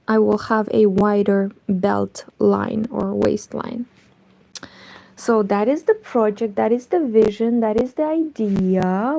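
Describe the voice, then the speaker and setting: A young woman chatting casually in a hushed, partly whispered voice while she crochets, rambling and correcting herself as she goes. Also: medium pitch, gravelly, no echo. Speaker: crochet vlogger.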